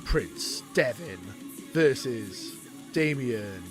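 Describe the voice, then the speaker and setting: A young man with a slightly high voice rambles through a live watchalong, chatty and excitable, reacting as he goes. Faint music plays behind him. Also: normal speed. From Wales. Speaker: streamer. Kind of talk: casual live watchalong commentary.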